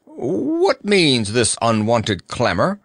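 A man voicing a gloomy, dignified old knight with a high, hoarse voice and archaic, stately speech in an audiobook. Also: wildly swooping pitch, takes it slowly, dry recording, clean studio sound, full character voice. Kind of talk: audiobook character voice.

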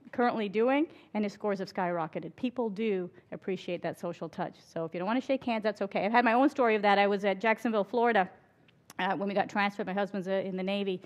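A middle-aged woman, an emergency physician, giving a candid conference talk full of stories and laughing at her own stories. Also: mid-range voice. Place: conference hall before an audience.

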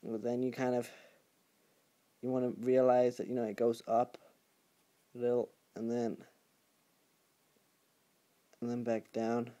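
Slow rambling man explaining a drawing. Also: mid-range voice, monotone, dark tone. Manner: rambling, hesitant, full of fillers. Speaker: YouTuber. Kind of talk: joking drawing tutorial.

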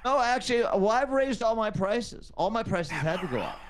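A man's voice: high voice, expressive, brisk, slight background noise. A man chatting with friends over voice chat during a game stream, playful and bantering.

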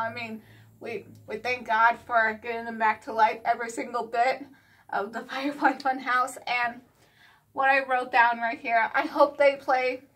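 A woman vlogging in a chatty, excited way, her speech slightly slurred from wearing retainers. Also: fairly high pitch. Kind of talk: casual vlog chat.

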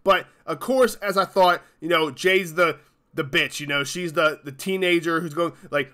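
High-voiced man in a profane rant. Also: moderate pace, bright, forceful tone. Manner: profane, exasperated, emphatic. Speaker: YouTube channel host. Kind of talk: angry ranting commentary.

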